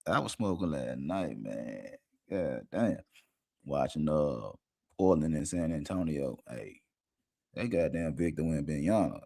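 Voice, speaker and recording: A man hosting a casual livestream show, rambling and slangy, talking a lot while high. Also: lively intonation, a little slow, gravelly, darkish tone. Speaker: podcast host.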